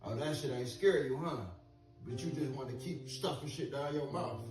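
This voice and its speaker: A man in a comedy skit, scolding and yelling, swearing a lot. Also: medium pitch, moderate pace. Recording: echoey room, mic at a distance, music.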